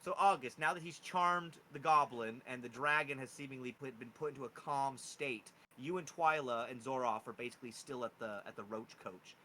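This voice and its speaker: A man running a tabletop game as game master, animated and quick to laugh. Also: mid-range voice, slight background noise, poor audio.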